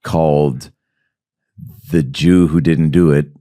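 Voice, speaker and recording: A man's voice: extremely low pitch, takes it slowly. A man hosting a comedy podcast, joking and swearing in casual chat. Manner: joking, swearing, animated storytelling with acted quotes. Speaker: podcast host.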